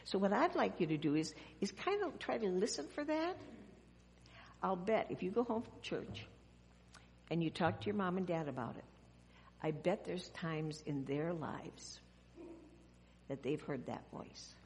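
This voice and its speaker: A woman pastor talks gently to children in a church sanctuary, often stopping to ask them questions. Her voice sits a little low. The sound carries a long, lingering church reverb. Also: animated, measured pace, long pauses, slight background noise. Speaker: pastor giving a children's message. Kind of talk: children's sermon.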